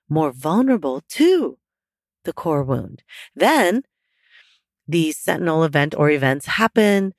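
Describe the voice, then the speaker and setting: A woman hosting a solo podcast, hoarse and husky from losing her voice, talking casually with "like" fillers. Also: deep voice, dry recording, studio quality. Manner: casual and chatty, with laughs and "like" fillers. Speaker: podcast host. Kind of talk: solo podcast talk on psychology and mindfulness.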